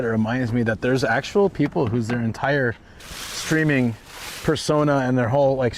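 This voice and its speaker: Casual male vlogger, stuffy nose, average-pitched relaxed chat, faint hiss behind. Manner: relaxed, chatty, laughs often. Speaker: travel vlogger streaming live. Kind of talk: casual live-stream chat. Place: walking around shops and a car outdoors.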